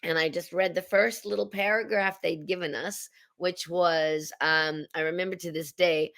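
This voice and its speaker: A woman in her sixties, a Canadian actress, telling her story in a relaxed interview, with an expressive, husky voice. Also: on the low side, moderate pace, hardly any pauses.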